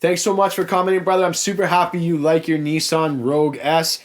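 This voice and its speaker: A man's voice: fairly high pitch, little pitch movement, brisk. A young man with a Canadian accent from the Niagara area, a car salesman hosting a casual Q&A and frankly answering viewer comments in a chatty way. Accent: Canadian, Niagara Ontario. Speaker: car salesman and YouTube host.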